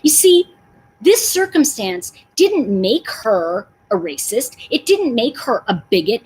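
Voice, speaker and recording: A woman's voice: fairly high pitch, darkish tone, slight background noise, low-quality recording. A middle-aged woman hosting a casual livestream, talking emphatically and answering viewers in the chat. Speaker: livestream host.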